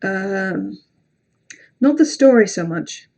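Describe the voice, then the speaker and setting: A woman's voice: mid-range voice, animated, slow pace, gravelly, darkish tone. A woman hosting a casual livestream, chatting with viewers in a rambling, self-deprecating way with lots of ums and some swearing. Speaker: livestream host.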